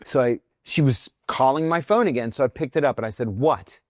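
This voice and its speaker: A man's voice: mid-range voice, fast talker, no echo, studio quality. A middle-aged man being interviewed, telling a personal story and acting out what each person said. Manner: animated storyteller who acts out quoted lines. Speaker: interview guest.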